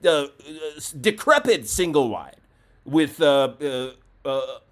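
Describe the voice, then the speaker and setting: A man's voice: mid-range voice, expressive, slow pace. A man hosting a comedic call-in show, ranting with profane mock indignation at a caller.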